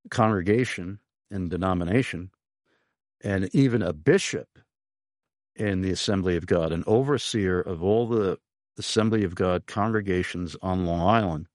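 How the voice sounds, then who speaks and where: A man hosting a radio interview show, speaking in an earnest, halting way with frequent pauses. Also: sits low, darkish tone, no room sound, studio quality. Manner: slow, earnest, halting with many uhs.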